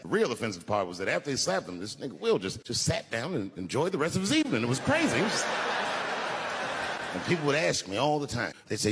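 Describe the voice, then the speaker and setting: A man performing a stand-up comedy set, telling stories with punchlines to a live audience. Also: mid-range voice. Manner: animated storytelling with punchlines. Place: large live venue. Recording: roomy live hall with crowd ambience.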